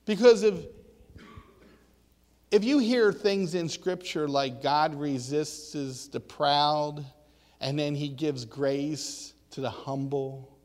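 A man delivers a sermon in a slightly higher voice. He talks like he is telling stories to friends and keeps putting questions to the room. His words ring out in a big, echoing hall. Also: steady tone, slow pace, a little mellow. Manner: conversational, storytelling preaching that asks the crowd questions. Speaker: preacher.

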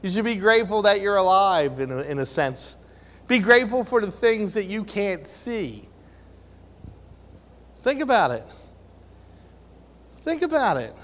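A man's voice: high voice, very animated, unhurried, long pauses, a bit bright, in a large hall. A man preaching a sermon to a room of listeners, earnest and full of rhetorical questions.

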